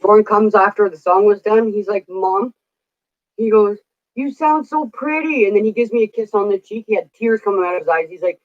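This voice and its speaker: A woman's voice: medium pitch, fairly even intonation, fast, few pauses, dull audio. A middle-aged woman telling stories in casual chat, chatty, laughing often and swearing casually. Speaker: vlogger.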